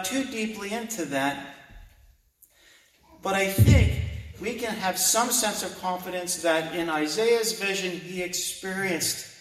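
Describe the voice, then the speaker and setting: A man preaching a sermon, reading scripture aloud and slowly repeating key phrases. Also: sits high, fairly bright tone. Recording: roomy hall, mic at a distance.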